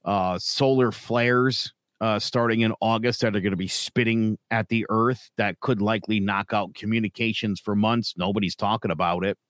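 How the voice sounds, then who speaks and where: A man's voice: lowish voice, steady tone, moderate pace, few pauses, a bit bright, dry recording, studio quality. A man co-hosting a casual podcast, rambling and opinionated with frequent fillers. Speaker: podcast co-host. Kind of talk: casual chat.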